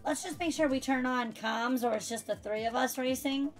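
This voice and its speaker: A woman with a high voice speaks at a normal speed while live-streaming a racing game. She chats with friends and viewers in a bubbly, talkative way, laughing often, and music plays behind her.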